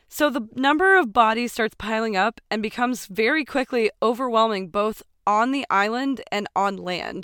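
A woman's voice: on the high side, normal speed, hardly any pauses, a bit bright, smooth, no room sound, studio quality. A woman co-hosting a casual history podcast, explaining with playful, sarcastic asides and laughter. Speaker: podcast co-host.

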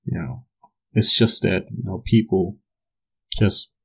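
A man's voice: sits low, fairly even intonation, slow pace, creaky, fairly bright tone, breathy edge, low-quality recording. A young man hosting his podcast solo, ranting casually with swearing, laughter and frequent restarts while sipping gin. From South Africa. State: drinking gin while talking. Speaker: podcast host.

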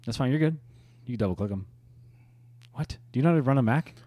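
A man's voice: medium pitch, lively intonation, fast, dark tone, no room sound. A young man co-hosting a casual podcast, teasing his friend and quoting people in put-on voices. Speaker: podcast co-host. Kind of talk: casual chat.

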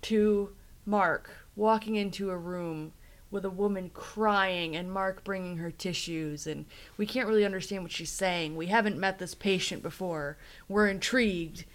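A woman co-hosts a casual podcast, recapping a TV episode in a chatty, storytelling way and acting out the quotes. Her voice is medium-pitched and steady, and she speaks without hurrying.

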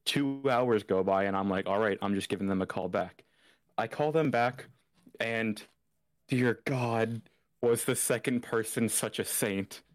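A man's voice: on the low side, measured pace, dry recording. A man co-hosting a podcast, telling a story in casual chat and acting out the dialogue as he goes. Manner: animated storyteller, acts out quoted dialogue. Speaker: podcast co-host.

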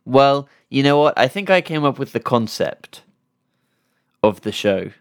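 A man's voice: medium pitch, big pitch swings, unhurried, clear, resonant tone. A man hosting a casual podcast, easygoing and dryly joking, with frequent hesitant fillers. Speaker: podcast host. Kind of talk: casual chat.

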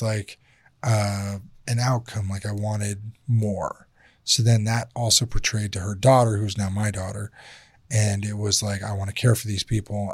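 A man's voice: fairly low pitch, no room sound, studio quality. A man hosting a casual podcast chat, talking bluntly and candidly with plenty of swearing. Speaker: podcast host.

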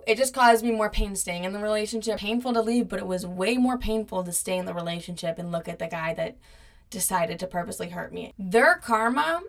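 A young woman with a mid-pitched voice tells a personal story in a loose, casual monologue. She swears freely and acts out the people she quotes, her delivery animated and blunt. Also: a little fast, creaky.

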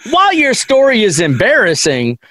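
A man's voice: sits high, wildly swooping pitch, normal speed, pushed and bright, no echo. A man co-hosting a podcast, teasing his friend and pressing him with questions in casual chat. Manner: teasing, asks probing questions. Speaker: podcast co-host.

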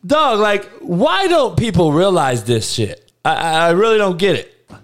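A man's voice: high voice, big pitch swings, takes it slowly. A man ranting bluntly and profanely in casual talk, laughing between heated points.

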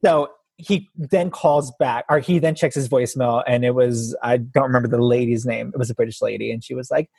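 A man with a husky voice, a guest telling an animated story in casual chat and acting out the quotes. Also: medium pitch, fairly quick, few pauses, no echo.

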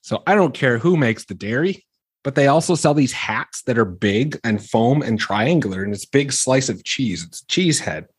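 A man's voice: mid-range voice, lively intonation, normal speed, slightly rough, dry recording. Joking man with a Midwestern accent. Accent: Wisconsin (Midwestern American). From Wisconsin, US Midwest. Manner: joking, laughs often, jumps into voices. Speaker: podcast co-host. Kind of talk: casual chat.

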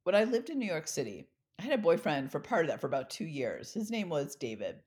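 Middle-aged woman, deep voice, storytelling talk, expressive, acts out dialogue. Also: fast talker. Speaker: speaker.

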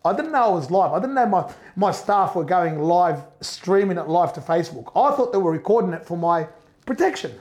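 Aussie guy, middle-aged, telling his story all worked up, high voice, keeps restarting. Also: fairly quick. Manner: animated, repeats and restarts, acts out quoted voices. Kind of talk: emotional first-person storytelling.

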